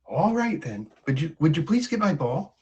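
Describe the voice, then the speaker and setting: A man voicing a young princess in a told fairy tale, speaking a little higher and hesitantly. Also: big pitch swings, moderate pace, warm tone, husky, recorded from a distance, highs cut off, full character voice. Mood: pleading. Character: young princess, polite then eager.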